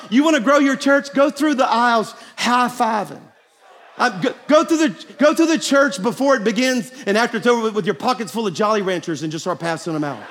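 A man preaching a folksy, joking sermon to a conference crowd in a large hall. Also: very high-pitched. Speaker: pastor. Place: large hall with live audience. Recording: long hall reverb, faint crowd and noise.

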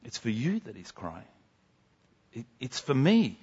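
A man preaching a sermon in an earnest, emphatic way, dropping to soft, slow lines for drama. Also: medium pitch, wildly swooping pitch, husky, muffled recording.

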